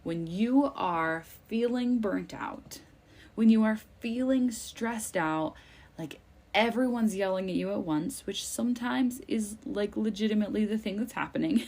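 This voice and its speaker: Gravelly-voiced chatty mom coach. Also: female voice, medium pitch, unhurried, a little mellow. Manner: chatty and upbeat, laughs often, fillers like "like" and "um". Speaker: self-care coach and workshop host. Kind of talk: casual live workshop talk. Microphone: livestream mic.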